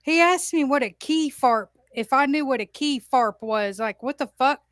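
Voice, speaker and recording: A woman's voice: high-pitched, expressive, moderate pace, a bit bright, dry recording, clean studio sound. A woman hosting a casual talk stream, swearing freely and telling incredulous stories. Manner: profane, laughing, incredulous storytelling. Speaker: talk show host. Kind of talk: casual chat. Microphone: livestream studio mic.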